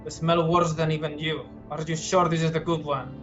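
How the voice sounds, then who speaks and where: Casting: a man playing a haughty drow matron with a Russian accent, contemptuous and commanding, slightly raised pitch, dull lo-fi sound with music behind. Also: level tone, a little fast, natural voice. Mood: disdainful. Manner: imperious, contemptuous, clipped orders.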